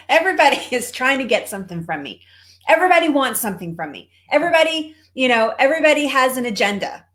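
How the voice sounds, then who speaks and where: Her voice is high and sing-song, a bit bright and a little fast. This Texan woman is a cancer coach chatting motivationally with a live audience, greeting viewers and laughing frequently.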